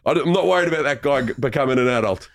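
Lively teasing man, swearing freely. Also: mid-range voice, rapid-fire, gravelly, no echo, clean studio sound. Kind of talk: casual comedic chat.

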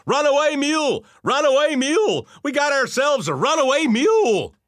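A man voicing a young man hollering an alarm into a theater, much higher and louder than his own voice. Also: big pitch swings, moderate pace, no room sound, clean studio sound, full character voice.

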